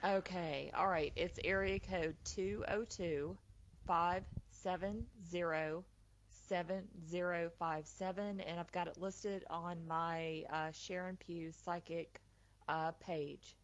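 A woman's voice: on the low side, fairly even intonation, takes it slowly, a little hiss or hum. A woman hosting a call-in psychic radio show, chatting casually with many ums. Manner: chatty, with fillers like um and uh. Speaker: psychic medium and radio host. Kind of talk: casual talk radio chat. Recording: dull, lo-fi line.

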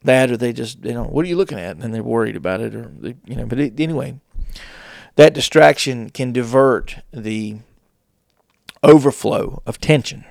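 A man hosting a casual advice talk, with deliberate pauses and playful shifts of tone. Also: mid-range voice, vocal fry, a little mellow, no room sound, clean studio sound. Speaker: host.

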